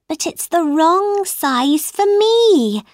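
A woman's voice: very high-pitched, animated, drawn-out words, dry recording, clean studio sound, voice pushed up, exaggerated voice. A woman voicing an earnest young girl in a storybook reading, polite but easily annoyed.

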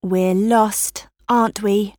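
A woman voicing an impatient young girl in a read-aloud story, with a raised, excited voice. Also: mid-range voice, slow pace, no echo, clean studio sound, natural voice.

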